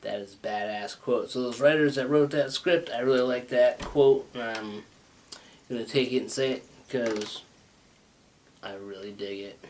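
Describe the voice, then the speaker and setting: Male host, casual stoner-ish ramble, stutters a bit, mid pitch, noisy lo-fi recording. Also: moderate pace, darkish tone. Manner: rambling, laid-back, swears and laughs often; says he has a stutter. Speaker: talk show host. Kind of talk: rambling solo monologue.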